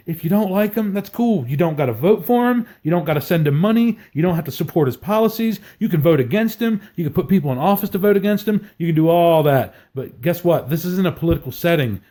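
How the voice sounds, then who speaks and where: A man's voice: high-pitched, animated, brisk, few pauses, warm tone. A man co-hosting a talk show, launching into angry, profane political rants. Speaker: podcast co-host.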